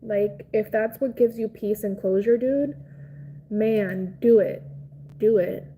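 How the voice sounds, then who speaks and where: A woman's voice: medium pitch, steady tone, takes it slowly, warm tone, a little hiss or hum, low-quality recording. A young adult woman chatting casually with viewers on a live stream. She rambles with lots of "like" fillers and speaks in an emotional, sympathetic way. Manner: sympathetic and consoling.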